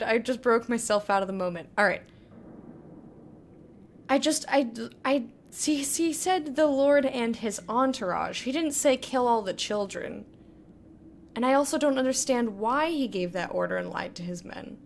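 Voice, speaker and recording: A woman's voice: on the high side, lively intonation, moderate pace, a little hiss or hum. A young woman giving casual commentary while playing a game for the first time, chatty, restarting her sentences and poking fun at herself. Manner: chatty, restarting, self-mocking. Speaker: gamer playing blind. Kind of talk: casual let's-play commentary.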